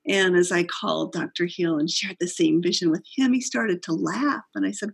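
A woman's voice: mid-range voice, normal speed, vocal fry, husky. A middle-aged woman, a company founder, earnestly telling the story of how her business began in an interview.

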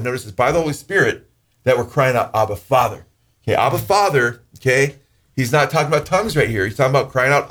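A pastor preaching to his congregation in an earnest, conversational way. His voice climbs sharply when he stresses a point. He slows down for scripture passages. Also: fairly bright tone. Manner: earnest, rises in pitch for emphasis, slows when reading scripture. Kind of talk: sermon teaching.

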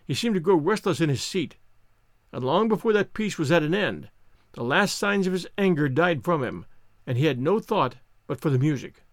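A man reads a classic novel aloud in a measured storytelling style. His voice sits a touch high and moves expressively through its range. The recording is close and dry. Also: lively intonation, no room sound. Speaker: audiobook reader and show host.

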